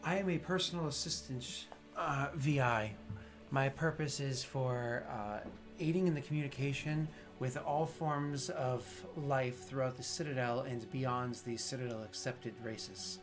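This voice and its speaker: A man's voice: medium pitch, unhurried, faint music behind, natural voice. A man voicing a polite male ship assistant AI who speaks in a formal, stiff and courteous way.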